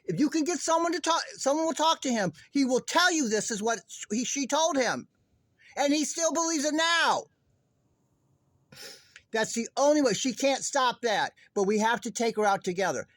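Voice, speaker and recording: A man's voice: very high voice, lively intonation, normal speed, a bit bright, no echo. A man delivering a heated true-crime monologue straight to his viewers, agitated, profane and rambling. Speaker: online commentator.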